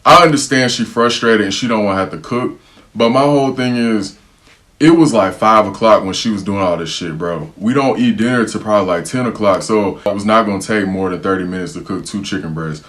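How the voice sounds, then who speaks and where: A young man telling a story to camera in a casual, slangy, animated way, acting out what people said. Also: fairly low pitch, brisk. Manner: animated, slangy storytelling, repeatedly saying "bro", acting out quotes.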